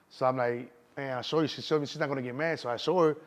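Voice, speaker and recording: A man's voice: medium pitch, steady tone, very fast. A middle-aged man with a Chicago accent, telling stories in casual street slang in an interview. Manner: streetwise slang, keeps saying "you know what I'm saying". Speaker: interview guest. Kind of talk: casual storytelling.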